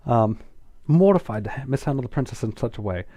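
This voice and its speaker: Man reading fan fiction aloud, mellow voice, dry close sound, casual asides. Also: medium pitch, lively intonation, fast talker, no room sound. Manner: casual, self-deprecating, stumbles over words.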